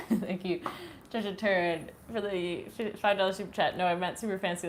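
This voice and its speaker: A woman's voice: lowish voice, steady tone, normal speed, slight background noise. A woman from Canada with a mild Canadian accent, hosting a casual livestream chat and reading out viewer messages, giggling and joking about herself. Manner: giggly, self-deprecating, laughs often. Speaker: livestream host.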